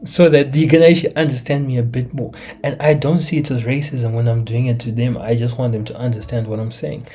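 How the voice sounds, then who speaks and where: A young man from Africa delivering a casual, animated monologue on a laptop mic, asking rhetorical questions and dropping into slang. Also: medium pitch, fairly quick, hardly any pauses, faint music behind. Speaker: commentator.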